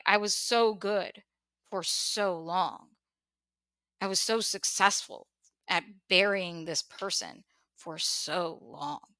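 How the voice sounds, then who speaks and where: A woman opens up in a candid podcast conversation, her voice bright and forceful. She circles back over her words, laughing wryly through the heavy moments. The sound is dry and close. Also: lowish voice, slow, no room sound. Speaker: podcast host.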